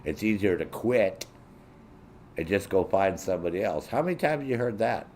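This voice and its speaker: A man's voice: low-pitched, expressive, moderate pace, a little mellow, a little hiss or hum. A man hosting his own show, delivering a blunt, profane rant and mimicking other people in a raised voice. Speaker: show host. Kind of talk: profane ranting monologue.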